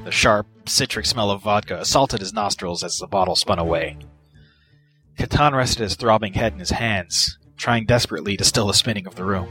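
A man narrating fan fiction in a steady, measured way. His voice sits low, and soft music plays faintly underneath. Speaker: reader.

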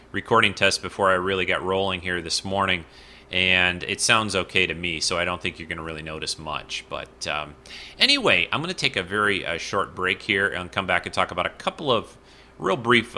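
A man's voice: low voice, sharp tone. A man hosting a casual solo podcast from his apartment bedroom, rambling and goofy with lots of fillers. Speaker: podcast host.

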